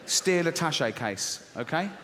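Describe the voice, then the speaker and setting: A man doing a stand-up comedy routine, telling the story in an animated, sweary, self-mocking way. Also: fairly high pitch, measured pace, in a large hall, slight background noise.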